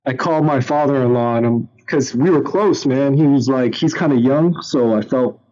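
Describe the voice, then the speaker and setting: Candid young man with a mellow voice. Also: medium pitch, moderate pace, highs cut off. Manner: candid storytelling, acts out quotes in raised voices. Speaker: podcast guest. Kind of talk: casual chat.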